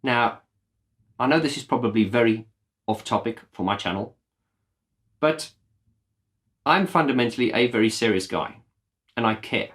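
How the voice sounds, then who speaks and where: A man's voice: mid-range voice, moderate pace, long pauses, fairly bright tone. A man hosting his own video channel, talking straight to camera in an earnest, impassioned rant and swearing bluntly. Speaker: YouTube channel host. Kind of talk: direct-to-camera vlog talk.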